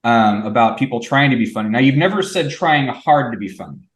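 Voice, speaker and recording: Brief: middle-aged man, mid pitch, relaxed and thoughtful, roomy echo. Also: a little fast. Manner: relaxed, thoughtful, lots of fillers. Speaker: podcast co-host. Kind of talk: casual chat among old friends. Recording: echoey room.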